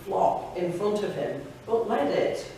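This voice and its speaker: A woman's voice: mid-range voice, sing-song, a little slow, vocal fry, dark tone, a little hiss or hum. A woman reading the lines of an earnest male minister patiently explaining things to schoolchildren. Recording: very echoey hall, distant mic.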